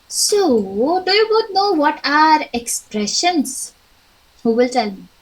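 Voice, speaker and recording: A young woman with an Indian English accent runs an online English class, speaking slowly and clearly while acting out encouraging examples. Her high voice is very animated, and the audio is poor.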